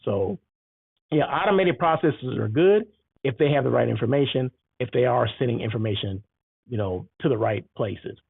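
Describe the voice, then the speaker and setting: A man hosting a casual monologue, telling an animated story and acting out both sides of the exchanges. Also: mid-range voice, moderate pace, gravelly, husky, no echo. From United States. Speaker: host. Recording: tinny phone-like sound.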